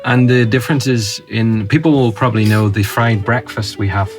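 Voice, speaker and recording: A man from Northern Ireland with a Northern Irish accent, hosting a relaxed podcast chat and asking his guest questions. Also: on the low side, normal speed, soft background music. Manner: chatty, agreeable, asks questions. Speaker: podcast host. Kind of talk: casual conversation.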